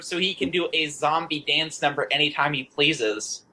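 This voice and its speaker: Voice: mid-range voice, moderate pace, few pauses, noisy background. A player in a tabletop game, tentative and full of "I mean" and "like". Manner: tentative, lots of likes and I means.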